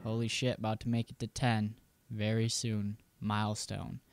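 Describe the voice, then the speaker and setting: A man's voice: on the low side, monotone, normal speed, faint music behind. A man hosting a podcast in a laid-back, casual way, swearing now and then. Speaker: podcast host.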